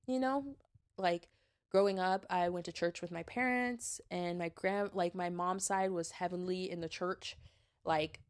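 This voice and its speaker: A young woman in her twenties hosting a podcast, talking candidly and earnestly, with many "like"s and "um"s. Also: mid-range voice. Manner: earnest, confessional, many fillers like "like" and "um". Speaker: podcast host. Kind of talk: candid personal podcast talk.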